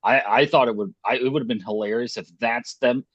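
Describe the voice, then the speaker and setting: A man's voice: medium pitch, fairly even intonation, brisk, fairly bright tone, no echo. A man joking around as a player at a tabletop game, swearing and laughing often, on a dull lo-fi microphone. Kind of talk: casual banter at a tabletop game.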